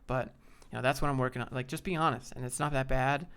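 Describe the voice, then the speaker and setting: A man's voice: mid-range voice, fairly even intonation, fast talker, vocal fry, a bit bright, clean tone. A man on a live stream, casually reading chat and giving laid-back, rambling career advice. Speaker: streamer answering viewer chat.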